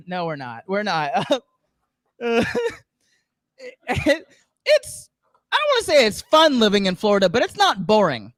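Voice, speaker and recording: A man's voice: sits high, wildly swooping pitch, a little slow, long pauses, fairly bright tone, no room sound, studio quality. A man from the Southern US doing a rambling stand-up comedy set, chuckling at his own jokes. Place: comedy show studio.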